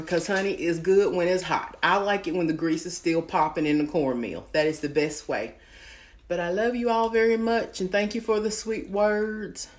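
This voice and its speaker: A woman hosting a home cooking livestream from her kitchen, chatting in a folksy way and calling her listeners honey. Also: lowish voice. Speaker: home cooking show host. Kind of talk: casual livestream chat.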